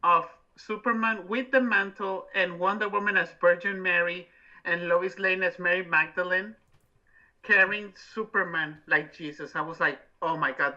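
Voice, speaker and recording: A very bright, sharp-toned voice in a loose movie podcast chat, animated and full of quick asides. The sound is a little muffled and lo-fi. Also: medium pitch. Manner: animated, tells stories about family. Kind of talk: casual movie discussion.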